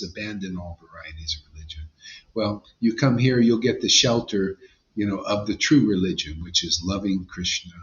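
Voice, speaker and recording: A man's voice: lowish voice, bright, forceful tone, lo-fi sound. A man giving an informal devotional sermon as a spiritual teacher, blunt and emphatic, with slangy asides.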